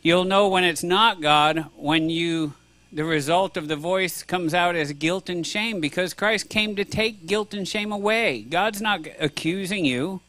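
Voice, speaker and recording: A man's voice: sits high, unhurried, sharp tone, dry recording. A man preaching a sermon to a congregation, earnest and conversational, with frequent restarts. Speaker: pastor.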